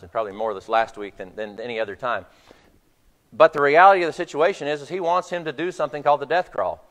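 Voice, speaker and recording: A man's voice: medium pitch, a bit bright. Male preacher with a long hall echo. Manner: storytelling, retelling a film scene. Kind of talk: sermon. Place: church hall.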